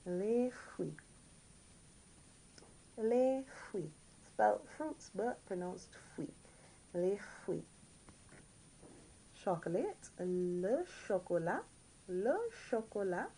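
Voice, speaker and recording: Slow-paced woman teaching French words. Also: medium pitch, warm tone, slight background noise, rough recording. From Caribbean. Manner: slow, repeats each word several times; stops to correct herself. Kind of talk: recorded language lesson.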